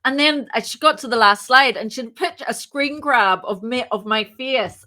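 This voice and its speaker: A woman, a startup founder, telling her story as a podcast guest, lively and acting out the voices in her anecdotes. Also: fairly high pitch, unhurried, hardly any pauses. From moved to Ireland. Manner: lively, acts out quoted dialogue. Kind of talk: casual interview storytelling.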